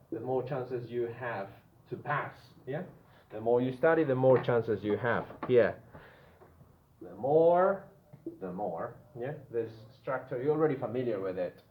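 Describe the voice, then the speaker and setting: A man gives a grammar lesson to a classroom, often stopping to check in with the students. The sound is echoey and phone-like, with a faint hiss under his voice. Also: mid-range voice. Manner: checks in with the class, frequent "yeah?". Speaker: teacher.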